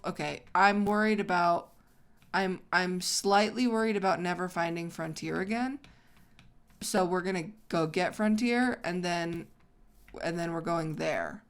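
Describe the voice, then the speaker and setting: Slow-talking woman chatting over gameplay. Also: mid-range voice. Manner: chatty, breaks off into excited exclamations. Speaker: gaming video host. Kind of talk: casual storytelling while playing a game.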